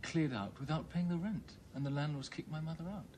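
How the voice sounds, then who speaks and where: An actor playing an apologetic young grandson who rambles hesitantly. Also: male voice, fairly high pitch, brisk, a little mellow, slight background noise, lightly acted. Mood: worried. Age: young adult.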